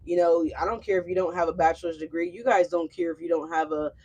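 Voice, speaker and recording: Speaking fast in a lowish, fairly even voice that's a little mellow and slightly rough, this woman gives a casual tarot reading. Brash and profane, she chats away and addresses her viewers directly.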